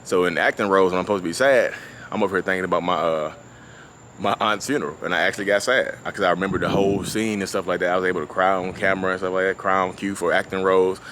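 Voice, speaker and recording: A man's voice: sits low, steady tone, fast talker, fairly bright tone. A man filming a casual vlog at a beach, talking through his feelings in a rambling, repetitive way and often asking "you know what I mean". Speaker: vlogger discussing his own narcissism. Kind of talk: casual unscripted monologue. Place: outdoors at a beach. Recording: outdoor ambience with passing traffic.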